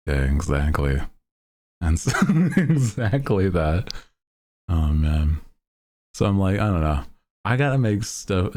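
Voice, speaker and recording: A man streaming as a VTuber, chatting casually to his viewers in a deep voice, rambling and laughing often. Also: darkish tone.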